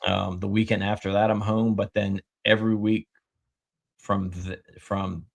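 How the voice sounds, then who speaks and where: A man's voice: on the low side, little pitch movement, measured pace, vocal fry. A man co-hosting a podcast, talking in a laid-back, rambling way about his schedule. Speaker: podcast co-host. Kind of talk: casual podcast conversation.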